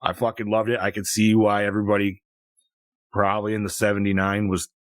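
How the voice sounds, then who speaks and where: A man in his thirties hosting a casual podcast, telling animated, profanity-laced stories. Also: on the low side, fairly quick, no room sound. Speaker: podcast host.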